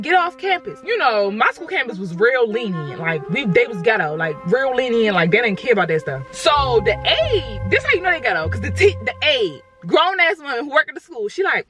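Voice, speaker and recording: A young woman telling a casual storytime from inside her car, dramatic and sassy, talking straight to her viewers. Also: on the high side.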